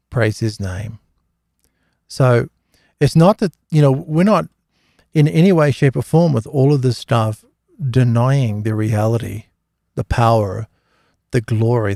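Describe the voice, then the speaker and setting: A man's voice: medium pitch, unhurried, vocal fry, dark tone, no room sound, studio quality. A middle-aged man hosting a live Q&A, telling rambling, anecdotal stories in a casual religious talk, full of fillers and restarts. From Australia. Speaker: host of a live Q&A.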